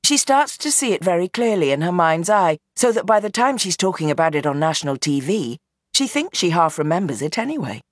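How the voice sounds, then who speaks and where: A woman reading a novel aloud in measured, tense scripted narration. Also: fairly low pitch, sing-song, no echo, studio quality. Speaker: audiobook narrator.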